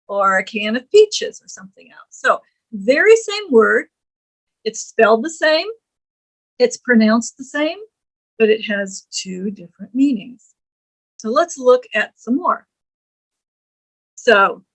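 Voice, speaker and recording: A woman giving a grammar lecture in a slightly high voice. She speaks slowly and deliberately, reading example lines aloud before explaining them with frequent ums and uhs. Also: a bit bright, poor audio. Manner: slow, deliberate, reads quoted lines slowly; frequent fillers like um and uh.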